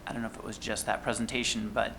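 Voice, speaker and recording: Gravelly man adding remarks at a meeting. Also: lowish voice, level tone, rapid-fire. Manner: informal, adding on with ums. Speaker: board member. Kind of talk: comments at a public board meeting. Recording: meeting recording with background noise.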